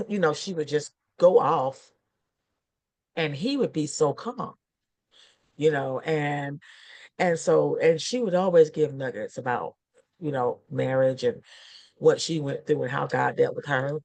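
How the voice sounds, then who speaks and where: A woman's voice: deep voice, measured pace, creaky, long pauses, a little mellow. A middle-aged woman minister chatting casually, rambling and laughing through her stories with lots of fillers. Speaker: guest minister. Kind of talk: casual chat.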